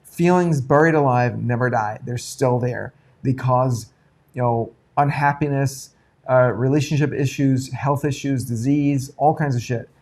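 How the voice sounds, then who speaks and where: A man hosting an unscripted live talk, candid and profane, swinging between hushed and excited tones. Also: mid-range voice, measured pace. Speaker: host.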